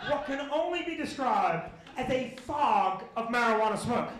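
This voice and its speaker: High-voiced man doing stand-up. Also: moderate pace, noisy background. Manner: animated, building to loud exasperated punchlines. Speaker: stand-up comedian. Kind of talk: stand-up storytelling. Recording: echoey live room.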